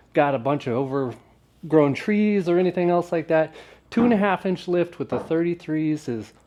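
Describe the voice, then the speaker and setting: A man's voice: fairly high pitch, mellow. Laid-back joking man in a garage vlog. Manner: laid-back and wry, with offhand jokes. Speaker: vlogger working on an old truck.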